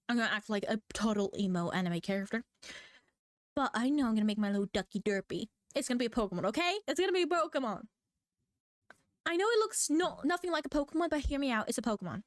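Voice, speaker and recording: A woman, a manga artist, chatting in a rambling, playful way while she draws. She giggles, mocks herself and breaks into squeaky exclamations, speaking into a desk microphone at home. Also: no room sound. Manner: giggly, scatterbrained, playful, self-mocking. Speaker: manga artist drawing on stream. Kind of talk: rambling casual chat while drawing.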